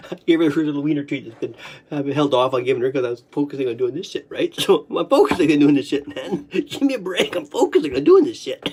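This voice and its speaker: A man with a high, husky voice rambles through a personal monologue. He swears freely and often breaks into laughter and coughing. He talks from home, with his dog nearby. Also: very animated, quick pace, a little mellow.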